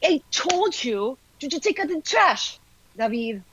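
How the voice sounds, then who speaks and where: A woman with an Argentine Spanish accent voicing a wife nagging her husband in a shrill, exasperated way. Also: big pitch swings, unhurried, a bit bright, no room sound, dull audio, full character voice. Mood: scolding.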